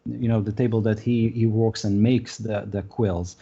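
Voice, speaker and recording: A man narrating as game master of a tabletop game, halting, with many pauses and "uh"s. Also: fairly low pitch, level tone, mellow, slightly rough, muffled recording. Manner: halting, full of "uh" and restarts.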